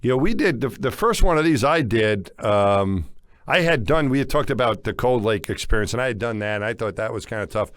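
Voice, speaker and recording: A man in his fifties co-hosting a podcast, recounting stories with lively, animated energy in a casual chat. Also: mid-range voice, fairly quick, no echo. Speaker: podcast co-host.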